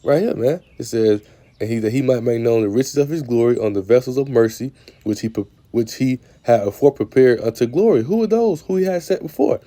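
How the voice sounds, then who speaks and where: A man teaching scripture in a casual, informal way, often adding "man", stammering on repeated words and slowing down to read verses aloud. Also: mid-range voice, mellow. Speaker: religious speaker.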